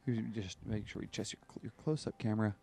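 A woman giving quick, offhand cues from off-camera to a painting teacher. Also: rumbling low, steady tone, gravelly, dark tone, husky. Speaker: camera operator.

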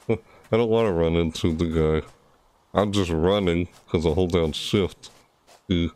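A man giving casual gameplay commentary, rambling and thinking out loud, a bit nervous. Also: low voice. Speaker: let's play gamer.

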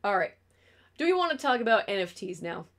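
A woman's voice: mid-range voice, very animated, a little fast, a bit bright. A young adult woman streamer in casual stream chat, rambling and swearing freely.

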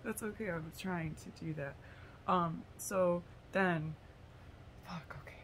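A woman's voice: lowish voice, measured pace, slight background noise. A woman rambling through a silly story idea in a casual monologue, giggling, swearing and losing her train of thought. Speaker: tarot vlogger.

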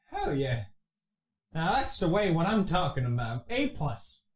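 A man doing goofy comedy sketches on camera, clowning in a mock-dramatic way and bursting into shouts. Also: fairly high pitch, very animated, measured pace. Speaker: YouTuber.

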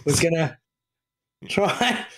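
A man's voice: a little high, lively intonation, takes it slowly. A man co-hosting a podcast, joking and stumbling over his words. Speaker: podcast co-host. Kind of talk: casual chat.

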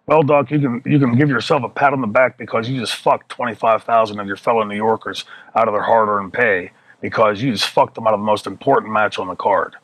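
A man voicing an angry, middle-aged male wrestling boss in a retold story, indignant and loud. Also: fairly low pitch, steady tone, brisk, hardly any pauses, no room sound, low-quality recording. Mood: scornful. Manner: shouting, indignant denials.

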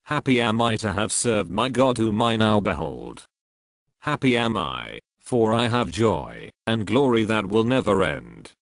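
A man reading the words of a joyful soul in heaven, measured and exultant. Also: lowish voice, animated, creaky, no room sound, clean studio sound.

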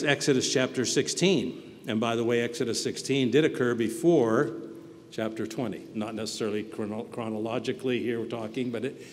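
A man giving a sermon as pastor, earnest, moving between quiet reflection and loud emphasis. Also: mid-range voice. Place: church hall. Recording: reverberant hall with faint background noise.

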